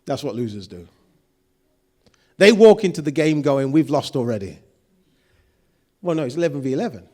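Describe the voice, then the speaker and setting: A man's voice: on the high side, animated, moderate pace, long pauses, a little mellow. A man preaching a sermon, acting out quoted voices and putting questions to the congregation. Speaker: pastor.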